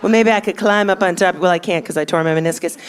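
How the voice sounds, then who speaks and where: Woman doing a creaky middle-aged phone-sex purr. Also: on the low side, fast, voice pushed down, natural voice. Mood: mock sultry. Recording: live club, loud crowd and noise.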